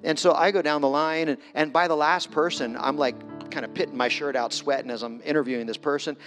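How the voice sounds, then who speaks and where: A man's voice: on the high side, fairly even intonation, fast talker. A middle-aged man giving a conversational storytelling sermon as a guest preacher, self-deprecating and acting out his own quotes. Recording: long hall reverb with music.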